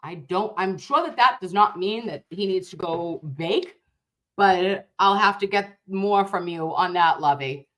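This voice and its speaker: A woman's voice: fairly low pitch, measured pace, a bit bright. A woman nurse hosting a casual livestream, reacting to viewer comments in a blunt, fiery and profane way, openly passionate and outraged.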